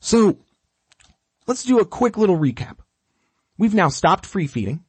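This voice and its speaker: Husky-voiced man teaching dog training. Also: high-pitched, big pitch swings, measured pace, no echo. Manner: emphatic, keeps checking in with "okay?". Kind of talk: instructional talk.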